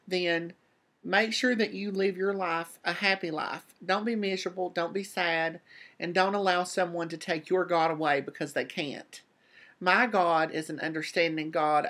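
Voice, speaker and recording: Vlog host giving heartfelt advice to a viewer, earnest and comforting, near tears, mid pitch. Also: fairly bright tone. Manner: earnest, comforting, repeats phrases. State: close to tears.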